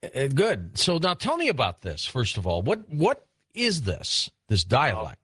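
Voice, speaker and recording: A man's voice: medium pitch, wildly swooping pitch, unhurried, a bit bright, husky, no echo. A man hosting a late-night call-in radio show, joking lightly with callers. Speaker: radio host.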